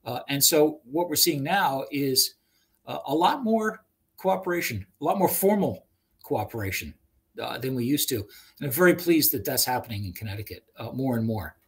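Husky man, halting with fillers. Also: mid-range voice, very animated. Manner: halting, many fillers and restarts. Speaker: regional trail manager answering questions. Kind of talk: webinar Q&A answers.

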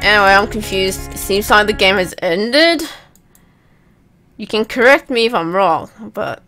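A young woman casually commenting while playing a video game, chatty and self-mocking, now and then letting out loud whoops. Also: mid-range voice, measured pace, soft background music. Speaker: let's play gamer.

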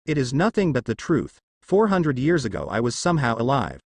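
A bitter, guarded young man from a fan story, spoken by a man in his ordinary voice. The delivery is even, with an animated pitch line, and the recording is dry. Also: brisk, vocal fry, no echo.

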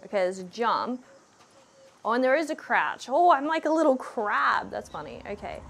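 A woman's voice: on the high side, animated, moderate pace, creaky, fairly bright tone. A woman gives casual, jumpy let's-play commentary and talks to herself as she plays a VR game. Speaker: VR gamer. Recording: noisy, game sounds mixed in.

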